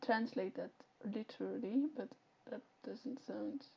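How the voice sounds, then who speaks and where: A woman's voice: mid-range voice, unhurried, gravelly, warm tone, husky. A young woman with a Flemish accent, chatting casually and animatedly on a live stream, often correcting herself mid-sentence. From Flanders, Belgium. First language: Dutch (Flemish). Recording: lo-fi stream audio.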